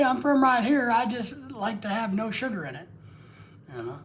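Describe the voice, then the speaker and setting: A man's voice: sits high, sing-song, normal speed, a little mellow. A man hosting a live stream, rambling and joking casually with crude asides.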